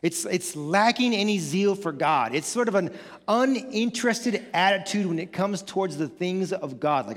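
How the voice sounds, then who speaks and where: A male pastor preaching a sermon, animated, acting out casual quoted voices and building up to excited shouts. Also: high voice, moderate pace, big-room sound. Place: church sanctuary.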